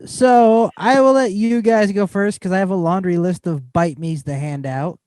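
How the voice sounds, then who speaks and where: A man's voice: sits high, normal speed, a little mellow, clean tone, no echo, studio quality. A man co-hosting a podcast, playful and jokey in casual chat. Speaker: podcast co-host.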